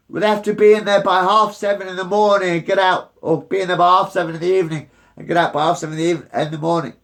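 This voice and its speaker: A man's voice: high-pitched, flat delivery, quick pace, creaky, fairly bright tone. A man, ranting angrily and repetitively with lots of swearing. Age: 50s. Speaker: resident facing eviction. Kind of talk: angry rant to camera.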